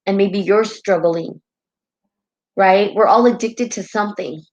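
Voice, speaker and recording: A woman's voice: medium pitch, measured pace, darkish tone, lo-fi sound. Heartfelt rambling woman on a live stream. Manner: heartfelt, rambling, many "right?" tags. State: tearful at times. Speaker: host of a spiritual live stream. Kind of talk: casual spiritual talk on a live stream.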